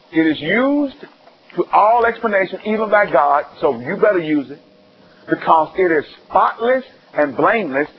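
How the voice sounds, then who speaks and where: A high-pitched male preacher delivers a sermon with lively storytelling, his voice climbing and getting louder when he gets excited. The recording is slightly dull, with faint noise underneath.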